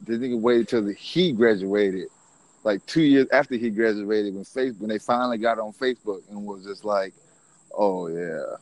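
A man's voice: on the low side, moderate pace, a little mellow, no echo. A man in casual conversation, telling stories about rap music in a laid-back, slangy way with plenty of swearing.

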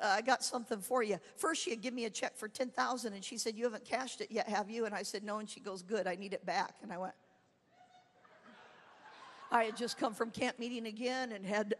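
A woman evangelist preaching a sermon, telling her story with swings from quiet asides to loud, shouted climaxes. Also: on the high side. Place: church camp meeting hall. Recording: long hall reverb.

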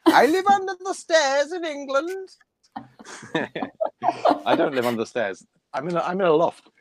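A man playing a cheerful puppet double of himself, pitched far higher than his own voice and bouncing around in tone. It sounds playful and lively, a little felt figure showing off its home. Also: moderate pace, no echo.

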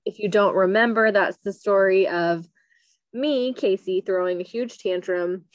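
A young adult woman co-hosting a podcast, reminiscing in a lively way. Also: medium pitch, unhurried, no echo. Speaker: podcast co-host. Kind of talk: casual family podcast chat.

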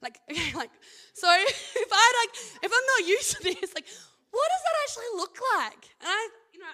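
Young woman, high voice, enthusiastic, casual devotional talk. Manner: enthusiastic, animated, talks in quick bursts. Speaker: Christian university student speaker.

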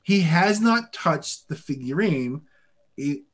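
Lively high-voiced man, animated chat. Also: slow. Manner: animated, swears, acts out voices. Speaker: podcast co-host. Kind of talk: casual chat.

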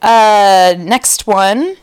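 A woman's voice: medium pitch, very slow, clear, resonant tone, dry recording. A woman co-hosting a podcast, casually reading out listener stories and laughing between them. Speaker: podcast co-host.

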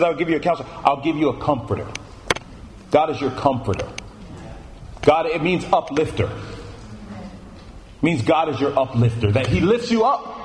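A man preaching a sermon in a church room, animated, repeating his phrases for emphasis. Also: medium pitch. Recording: echoey room with faint noise.

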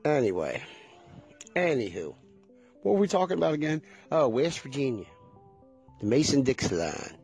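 A man's voice: mid-range voice, sing-song, normal speed, long pauses, darkish tone, husky, soft background music. A middle-aged man rambling in a folksy, chatty way, talking straight to his viewers in a casual monologue. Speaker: vlogger.

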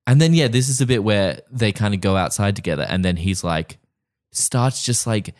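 A man co-hosting a casual chat, recapping a TV episode in an animated way. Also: lowish voice, normal speed. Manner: animated, acts out characters' lines. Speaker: podcast co-host.

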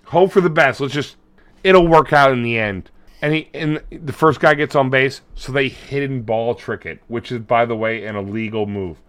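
A podcast co-host with a medium-pitched voice at normal speed rants and swears while animatedly retelling a movie in casual conversation.

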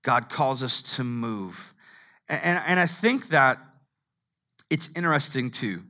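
A middle-aged man preaching a sermon. He swings from hushed tones to shouting. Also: medium pitch, lively intonation, unhurried. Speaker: pastor.

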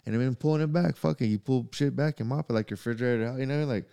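A man, a maintenance worker, telling profane, animated stories in casual chat. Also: medium pitch, fast talker, vocal fry, clear, resonant tone.

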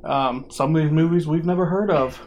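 A man's voice: on the high side, fairly quick, darkish tone, slight background noise. A man hosting a casual podcast, joking and rambling with fillers. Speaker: podcast host.

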